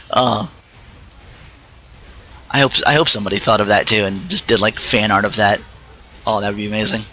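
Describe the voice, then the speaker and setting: A man hosting a casual solo podcast, rambling and restarting his sentences, with quick asides while he plays a game. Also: on the low side, fairly even intonation, pushed and bright, poor audio. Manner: rambling, stops and restarts mid-thought; chatty, with short asides while playing a video game. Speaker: podcast host.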